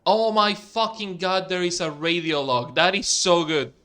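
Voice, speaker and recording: A man casually commenting while playing a video game, excitable and swearing freely. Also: high-pitched, a little slow, clear, resonant tone. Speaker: gaming streamer. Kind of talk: casual let's-play commentary.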